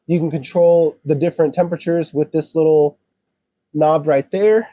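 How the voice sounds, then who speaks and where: A man from an RV dealership walking viewers through a trailer, explaining each control in a steady, practical, step-by-step way. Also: on the high side, moderate pace, no room sound. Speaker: RV dealership salesperson giving a walkthrough. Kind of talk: casual walkthrough demonstration. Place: outdoors around an RV, then inside it.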